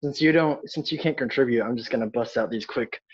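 Husky joking young Southern man. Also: medium pitch, fairly quick, no echo, muffled recording. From American South. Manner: joking, irreverent, swears freely. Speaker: podcast co-host. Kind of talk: casual chat.

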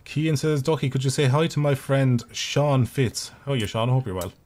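An Irish man in his thirties streams a video game, chatting casually and swearing freely through live gameplay commentary. His mid-range voice is a little mellow and moves at normal speed.

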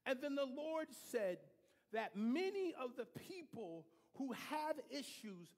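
A male pastor preaching to his congregation from the pulpit. His voice sits very high for a man. He talks slowly and deliberately, pausing to call on the listeners. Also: big pitch swings. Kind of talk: sermon. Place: church hall.

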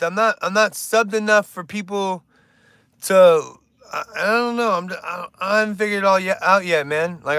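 Rambling joking man, higher voice. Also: pushed and bright, dry recording. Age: older. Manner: rambling, joking, reads chat aloud. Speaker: livestream host. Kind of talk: casual livestream chat.

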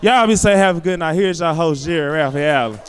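A man's voice: on the high side, fairly quick, long reverb tail, a faint crowd, a little hiss or hum. A man performing a rambling stand-up comedy set on a theater stage, with a loose, filler-heavy delivery. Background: audience laughter.

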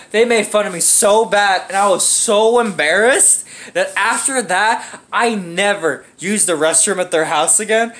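A young man telling an embarrassing story in a casual, profane, dramatic way. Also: high voice. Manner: animated, profane, dramatic with acted-out grunts.

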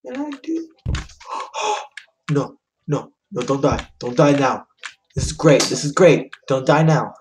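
A woman's voice: very deep voice, takes it slowly, long pauses, slight background noise. A young woman commentating her gameplay, swearing and ranting in frustration as she keeps failing. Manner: swearing, frustrated, yelling at the game. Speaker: gaming YouTuber.

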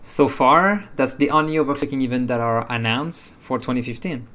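A man's voice: medium pitch, normal speed, bright, forceful tone. A man with a French accent hosting a live Q&A, talking casually with frequent hesitations. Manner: hesitant, many fillers and restarts. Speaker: host.

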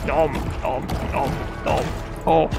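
A young man giving goofy, excitable let's-play commentary, swearing freely and chatting to the characters on screen. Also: medium pitch, slow, creaky, over music. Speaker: gamer.

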